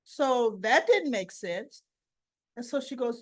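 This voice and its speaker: Woman host, drawl, slow unhurried delivery, bit higher voice, slightly rough throat, chatty recap. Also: expressive. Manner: slow, chatty retelling with quoted dialogue. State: slightly rough voice after choking. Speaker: soap opera recap host. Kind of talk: casual recap narration.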